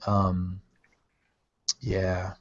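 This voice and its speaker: A man's voice: deep voice, completely flat delivery, very slow. A man from Ohio hosting a live-stream podcast, casually chatting and playfully reading out viewer comments. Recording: dull lo-fi stream audio.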